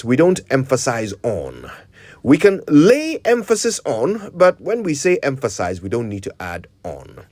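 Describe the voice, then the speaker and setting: Animated male language-tip presenter. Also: medium pitch, normal speed, no echo. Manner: didactic, explaining word usage. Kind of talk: scripted radio segment.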